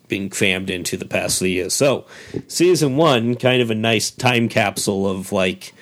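A man's voice: fairly low pitch, creaky, a bit bright. A middle-aged man co-hosting a casual chat, rambling with lots of asides. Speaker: co-host.

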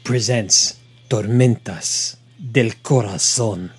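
A man voicing a sultry male soap-opera announcer with a put-on Spanish accent and a deep, rumbling low voice. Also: slow, very noisy. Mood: dramatic.

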